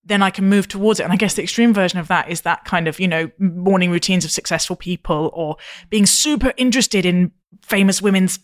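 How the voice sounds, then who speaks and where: Chatty, animated female podcast host. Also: on the low side, fairly quick, hardly any pauses. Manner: animated, chatty, long self-interrupting interjections. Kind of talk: podcast conversation.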